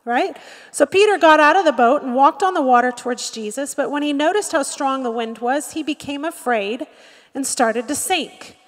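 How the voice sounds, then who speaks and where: A woman's voice: sits high, normal speed, long reverb tail. A woman pastor preaching a sermon, acting out quotes and asking the congregation "Amen?" often. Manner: lively preaching with acted-out quotes and frequent "Amen?". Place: church sanctuary.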